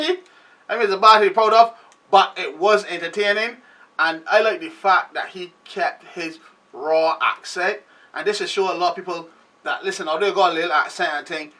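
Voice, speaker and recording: A man's voice: high-pitched, distant mic. A man with a Barbadian accent, hosting a show in a loose, rambling casual commentary monologue. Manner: loose, rambling, animated delivery. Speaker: show host.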